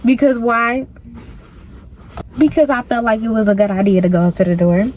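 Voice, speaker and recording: A woman's voice: a little high, steady tone, moderate pace, a little mellow, a little hiss or hum. A woman vlogger telling a personal story in a casual, slangy, emphatic way.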